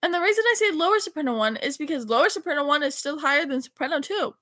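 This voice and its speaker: Teen girl rambling thru old texts, high voice, dry close sound. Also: lively intonation, rapid-fire, pushed and bright, dry recording. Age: teens. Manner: rambling, chatty, self-correcting. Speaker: vlogger. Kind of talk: casual chat reading texts aloud.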